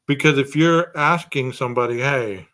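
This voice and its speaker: A man's voice: mid-range voice, slow pace, fairly bright tone. A man hosting a true crime podcast, speculating aloud through a string of rhetorical questions.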